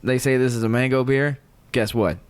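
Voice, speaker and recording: A man's voice: mid-range voice, fairly even intonation, normal speed, smooth, no echo. A man co-hosting a beer podcast in casual chat, dropping wry quips. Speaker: podcast co-host.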